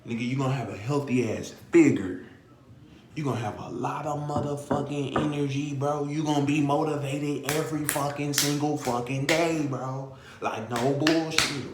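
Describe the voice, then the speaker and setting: A man's voice: mid-range voice, fairly even intonation, normal speed, roomy sound, noisy background. A man vlogger in a profane comedic rant who fires off repeated rhetorical questions and curses constantly. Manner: repetitive, rhetorical questions, heavy cursing.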